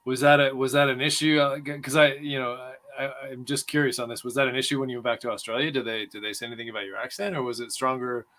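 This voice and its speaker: A man's voice: medium pitch, steady tone, fast, few pauses, bright, forceful tone. A man hosting a casual podcast interview, asking friendly, rambling questions with lots of restarts. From United States. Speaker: podcast host.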